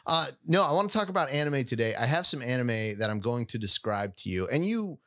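A man's voice: medium pitch, sing-song, fairly quick, sharp tone. A man hosting a podcast, chatting casually and joking, rambling with fillers and restarts. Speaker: podcast host.

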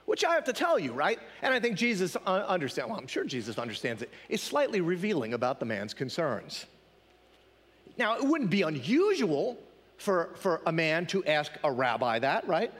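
A man's voice: fairly high pitch, wildly swooping pitch, normal speed, fairly bright tone, in a large hall. A male pastor preaching a sermon in a conversational style, often asking the congregation questions.

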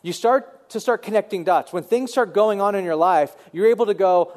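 Conversational pastor with a fairly high voice. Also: male voice, normal speed, few pauses. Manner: conversational, animated, repeats words as he thinks. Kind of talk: sermon.

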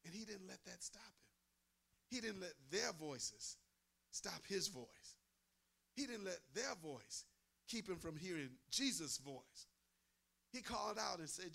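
A man's voice: high-pitched, animated, a little slow, vocal fry, long pauses, pushed and bright. Emphatic man preaching a sermon. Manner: emphatic, repeats phrases, asks the crowd "amen?".

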